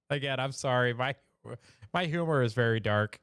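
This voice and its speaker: A man's voice: mid-range voice, normal speed, long pauses, a bit bright, no room sound, studio quality. A man hosting a casual live show, joking about memes in a chatty way and laughing at his own jokes. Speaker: show host.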